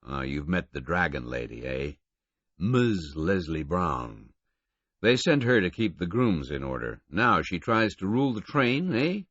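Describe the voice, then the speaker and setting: A man voicing a bulky, middle-aged train conductor who talks wryly and slowly and tags his sentences with a questioning "eh". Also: deep voice, sing-song, fairly bright tone, no echo, lo-fi sound, full character voice. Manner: drawn-out, wry, ends statements with a questioning "eh".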